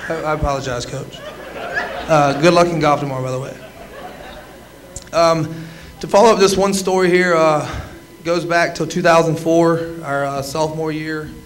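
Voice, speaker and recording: A man's voice: fairly high pitch, steady tone, moderate pace, pauses often, a faint crowd, a little hiss or hum, low-quality recording. A man in his twenties giving a comedy roast speech, teasing with lots of "uh"s and stops. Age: 20s. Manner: joking, teasing, many filler "uh"s. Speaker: roaster, former quarterback.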